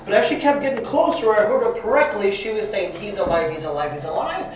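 An actor playing an excitable, talkative fisherman apostle in a comic church skit, rambling with lots of fillers. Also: high-pitched, fast talker, a crowd in the background. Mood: chatty. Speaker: actor in a played video skit. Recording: echoey hall, from far off, faint noise.

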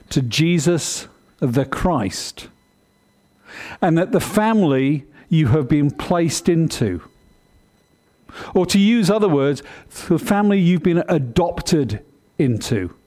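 A man preaching a sermon, explaining the text in an earnest way with deliberate emphasis. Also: a little high, darkish tone.

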